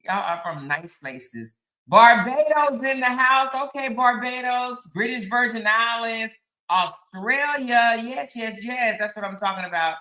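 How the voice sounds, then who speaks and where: A woman's voice: a little high, expressive, measured pace, bright, forceful tone, roomy sound. A woman, hosting a casual live stream, chatting straight to her viewers and reading out their comments. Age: 50s. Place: on the outskirts of Houston, Texas.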